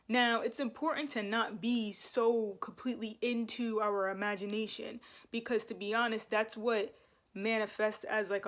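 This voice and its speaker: A woman's voice: medium pitch, a bit bright. A young woman vlogging to camera in a loose, rambling way, full of fillers. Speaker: spiritual vlogger. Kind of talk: casual talk to camera.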